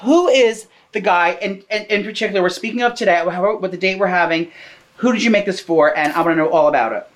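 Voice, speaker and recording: A woman hosting a casual cooking chat, teasing her guest with nosy questions. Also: medium pitch. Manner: teasing, nosy, quick banter. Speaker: cooking podcast host.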